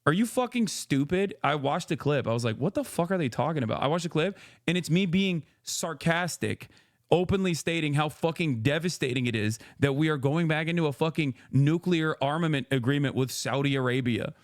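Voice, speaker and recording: A man's voice: on the high side, moderate pace, no echo, studio quality. A man hosting a live stream, ranting in disbelief with heavy swearing and restarted sentences. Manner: exasperated, profane, incredulous; rambling with frequent restarts. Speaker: streamer host. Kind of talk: reaction stream rant.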